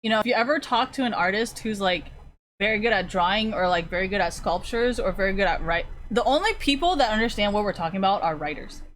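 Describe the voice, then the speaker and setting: A woman's voice: mid-range voice, animated, fast talker, fairly bright tone, slight background noise. Rambling, swearing woman streamer. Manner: rambling, profane, frequent fillers. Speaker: streamer chatting with viewers. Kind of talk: casual chat.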